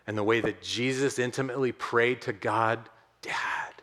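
A male pastor preaching a sermon, repeating key phrases and speaking directly to his listeners as friends. He swings between loud, emphatic outbursts and quiet, tender, hushed passages. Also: mid-range voice, fairly even intonation, moderate pace. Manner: addresses the congregation directly as friends.

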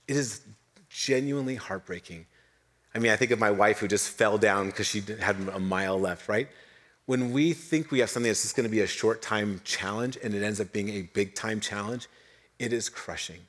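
A middle-aged man preaching a sermon, telling a Bible story with lively voiced quotes and dropping to soft, low tones for emphasis. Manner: animated storytelling, voicing biblical figures, drops to soft low tones for emphasis. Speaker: pastor.

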